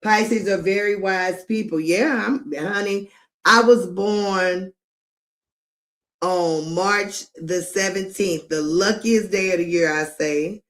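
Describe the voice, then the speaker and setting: Slow, emphatic middle-aged woman commentator. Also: medium pitch. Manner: emphatic, drawn-out, laughs often. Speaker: live-stream commentator. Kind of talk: live commentary chat.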